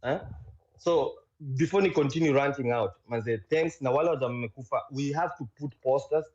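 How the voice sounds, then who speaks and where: A man's voice: mid-range voice, normal speed, a little mellow, lo-fi sound. A Kenyan man ranting casually in an online audio room, mixing Swahili and English and often restarting words. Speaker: speaker in a live audio room. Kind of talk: casual rant.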